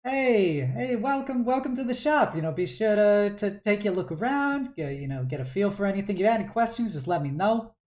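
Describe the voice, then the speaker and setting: A woman's voice: mid-range voice, expressive, a little fast, few pauses, a little mellow, roomy sound, pitched above the performer's own voice, natural voice. A woman voicing a cheerful, chatty male shopkeeper who laughs and talks in a folksy way. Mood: jovial.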